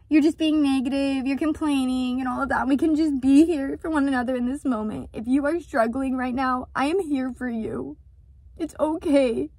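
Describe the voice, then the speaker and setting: Her high, husky voice carries a darkish tone, with no room sound. She vlogs outside about her small business in an emotional, confessional way, speaking earnestly and vulnerably and repeating words to stress them.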